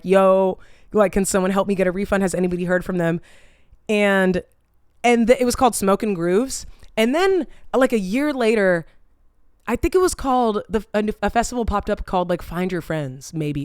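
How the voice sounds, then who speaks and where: A woman hosting her own vlog, telling a story in a casual, animated way, swearing freely and saying "like" a lot. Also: medium pitch, brisk, clean tone, no room sound, studio quality. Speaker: vlog host.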